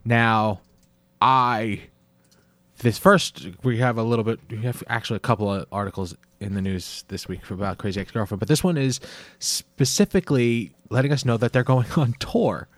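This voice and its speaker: A man's voice: medium pitch, expressive, normal speed, fairly bright tone, dry recording. A man hosting a podcast, presenting news in a jokey, wry manner. His voice moves up and down a lot, and the sound is dry and close. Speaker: podcast host. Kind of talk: casual chat, reading news.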